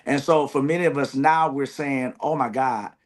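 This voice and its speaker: A man's voice: medium pitch, steady tone, normal speed. A man who is a graduating seminary student, speaking in an earnest, reflective way with many "you know" fillers. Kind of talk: reflective conversation.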